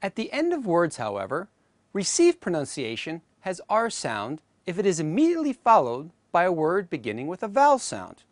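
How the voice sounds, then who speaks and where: A teacher giving a scripted educational narration, speaking carefully and deliberately and saying example sounds aloud as models. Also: mid-range voice, wildly swooping pitch, dry recording.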